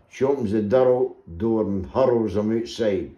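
Brief: Scottish male storyteller, mellow tone, unhurried, echoey room. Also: fairly low pitch. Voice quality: laughs through the telling. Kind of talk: comic storytelling.

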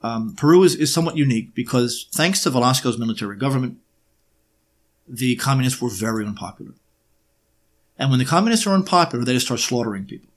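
A man presenting an unscripted history monologue, emphatic and sarcastic, often pausing on uh and um while he builds his points. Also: mid-range voice, lively intonation. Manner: emphatic, with sarcastic rhetorical questions; frequent hesitations with uh and um.

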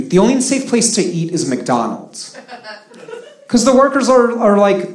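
A man in his thirties from Russia doing live stand-up comedy, lively with flat deadpan punchlines. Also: high-pitched, moderate pace. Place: comedy stage before a live audience. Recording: roomy live venue with crowd laughter.

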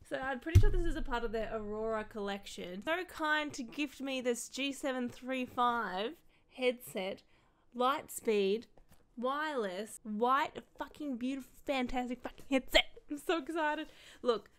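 A woman's voice: fairly high pitch, moderate pace, clean tone. A young woman casually unboxing gear for her vlog, gushing, sweary and chatty with rambling asides. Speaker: content creator and streamer.

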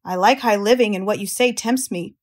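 A woman's voice: mid-range voice, fairly quick, natural voice. A woman doing a grumbling greedy barn rat. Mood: eager. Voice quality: grumbling, eager for food.

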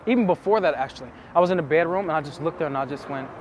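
Speaking very fast in a slightly high voice over a noisy background, a man who coaches on dating shares stories to camera, earnest and intimate, and repeats phrases to drive points home.

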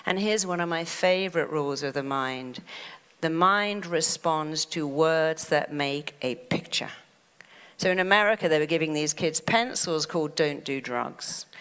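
A woman's voice: fairly low pitch, lively intonation, measured pace, a bit bright, clear, resonant tone. A woman giving a motivational stage talk, acting out quoted inner voices. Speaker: speaker. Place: stage in a large hall. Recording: long hall reverb.

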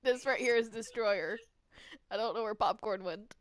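A woman playing a game roleplay in casual chat, laughing often and protesting with rapid repeated no's. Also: medium pitch. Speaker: player narrating a game roleplay.

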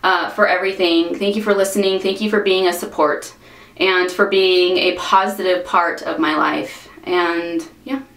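A woman's voice: lowish voice, fairly even intonation, normal speed, fairly bright tone, roomy sound, poor audio. A woman in her thirties talking earnestly to her viewers in a personal vlog, encouraging them and filling her speech with "like" and "you know". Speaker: vlogger. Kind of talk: personal vlog talk to camera.

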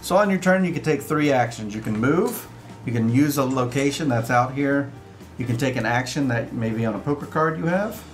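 A man's voice: mid-range voice, expressive, a little fast. A man hosting a casual live-stream board game session, chatting as he explains the rules and takes his turn. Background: upbeat background music.

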